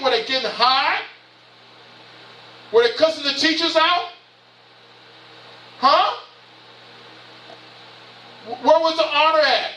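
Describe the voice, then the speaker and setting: A man's voice: extremely high pitch, pushed and bright. Southern bishop in his 50s preaching hard, tons of questions, echoey church, far off. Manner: impassioned, repetitive preaching with rhetorical questions. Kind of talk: sermon. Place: church sanctuary.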